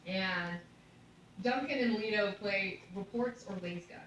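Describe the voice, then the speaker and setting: A woman giving an animated comic breakdown of a story, swearing and laughing as she goes. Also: medium pitch, measured pace, very echoey, recorded from a distance, highs cut off, a little hiss or hum. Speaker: commentator.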